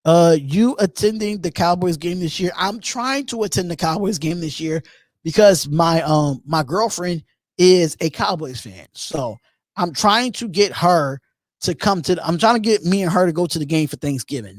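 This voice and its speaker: A man's voice: on the high side, expressive, moderate pace, dry recording. A man from Philadelphia hosting a live call-in sports show, chatting loosely and animatedly, repeating himself as he reads and answers viewer comments. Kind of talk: casual live-stream chat.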